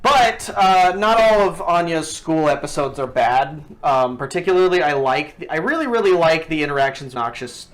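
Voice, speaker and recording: A man's voice: a little high, lively intonation, normal speed, hardly any pauses, faint music behind. Man joking crudely in casual chat. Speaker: podcast co-host.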